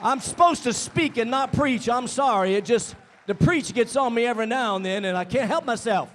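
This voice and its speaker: An older man preaching a sermon, moving between shouting and hushed, tearful passages. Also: very high-pitched, expressive, normal speed, slight background noise. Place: large civic center banquet hall. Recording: echoey hall from far off.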